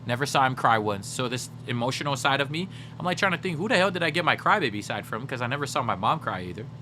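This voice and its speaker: A man chats casually with his livestream audience, swearing freely and reading out and answering their messages as he goes. His voice is bright and forceful, and he tells stories with lively energy. A faint hum of noise sits under the recording. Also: medium pitch, quick pace. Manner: animated storyteller, swears, addresses chat directly; reads out and answers chat messages. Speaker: gaming livestreamer.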